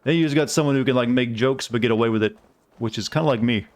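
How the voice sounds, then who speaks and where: A man with a mild Southern American accent chats loosely and rambles while he plays a game on stream. His voice sits at an ordinary middle pitch, and he keeps the talk relaxed and self-deprecating. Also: fast talker. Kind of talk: casual gaming stream chat.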